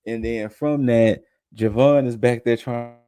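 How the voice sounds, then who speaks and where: A man's voice: medium pitch, fairly even intonation, measured pace, mellow. A young adult man co-hosting a podcast, casually recapping events in a loose, conversational way and acting out quotes in passing. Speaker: podcast co-host recapping wrestling.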